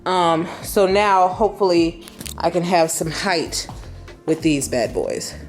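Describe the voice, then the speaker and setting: A young woman chatting casually to camera at home as a decor vlogger, upbeat and chatty with relaxed slang. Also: lowish voice, slow pace, soft background music. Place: at home in her entryway.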